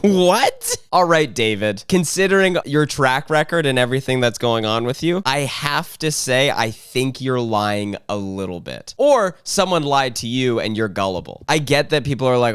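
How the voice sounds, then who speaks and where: A man hosting a comedy reaction video, mocking clips in a sarcastic, animated way. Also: mid-range voice, normal speed, few pauses, clear, resonant tone, no room sound, clean studio sound, soft background music.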